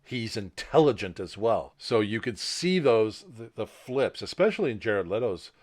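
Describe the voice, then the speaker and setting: A man's voice: lowish voice, big pitch swings, normal speed, a little mellow. A man co-hosting a podcast in casual chat, rambling and repeating words as he restarts, on a laptop mic. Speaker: podcast co-host.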